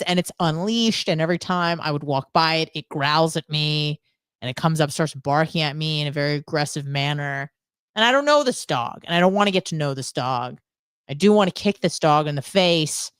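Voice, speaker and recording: Low, smooth-voiced woman ranting bluntly. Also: moderate pace, a bit bright, dry recording, studio quality. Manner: blunt, profane, sarcastic storytelling. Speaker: podcast co-host. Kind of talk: casual ranting monologue.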